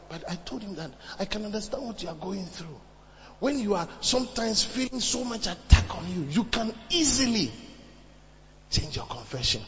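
Man, preacher, high and lively voice, emphatic repetition, echoing hall. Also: a little fast, highs cut off, a little hiss or hum. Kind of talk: sermon.

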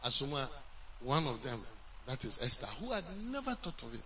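Bright-voiced preacher, lively. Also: male voice, mid-range voice, moderate pace, far from the mic, lo-fi sound, a little hiss or hum. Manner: storytelling, swinging between loud and hushed. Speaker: pastor. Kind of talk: sermon.

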